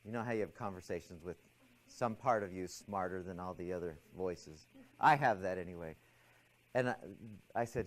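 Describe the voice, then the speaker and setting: A man lecturing a class, telling a personal story and acting out his anxious thoughts and a calm inner voice. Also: deep voice, normal speed, slight background noise, rough recording.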